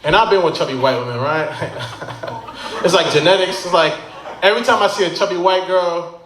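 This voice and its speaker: Brief: a male stand-up comic on a handheld mic, slightly high voice, booming back from a noisy brewery room. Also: moderate pace. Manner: animated storytelling with punchlines. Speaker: stand-up comedian. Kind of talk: stand-up comedy set. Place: bar stage at a brewery. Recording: echoey noisy bar room.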